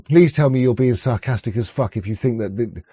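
A man's voice: mid-range voice, fairly quick, dark tone, breathy edge, dry recording. A man ranting in rambling reaction commentary, crude and sarcastic, with frequent restarts, on a dull lo-fi mic. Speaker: streamer reacting to a clip.

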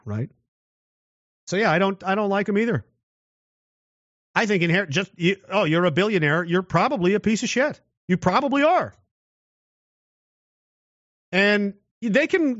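A man talking casually and giving his opinion, swinging into loud mocking voices. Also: high-pitched, animated, normal speed, pauses often, dry recording, muffled recording. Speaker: commentator.

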